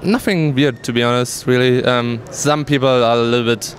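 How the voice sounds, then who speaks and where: A man's voice: mid-range voice, steady tone, normal speed. Young man with a German accent. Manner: candid, laughs easily, hesitant fillers. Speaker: pro gamer guest. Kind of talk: casual interview answers. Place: busy gaming event venue.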